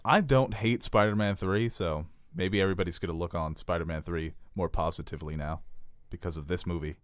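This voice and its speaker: A man co-hosting a podcast in casual chat, telling animated stories and swearing often. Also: low-pitched, dry recording, clean studio sound. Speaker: podcast co-host.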